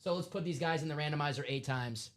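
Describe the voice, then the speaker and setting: A man hosting a live sports card break stream, chatting casually and excitably with lots of fillers. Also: fairly high pitch, fast talker.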